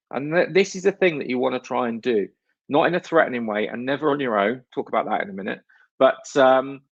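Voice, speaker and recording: Gravelly, blunt, sweary man speaker. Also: mid-range voice, no echo, dull audio. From northern England. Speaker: conference speaker. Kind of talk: conference talk.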